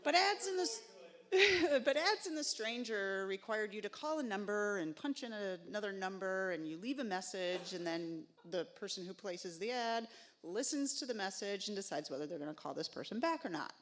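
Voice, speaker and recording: A woman's voice: medium pitch, lively intonation, moderate pace, fairly bright tone. Wry woman telling a story on stage. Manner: wry, conversational, frequent "uh" fillers. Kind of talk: live personal storytelling. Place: stage at a live event.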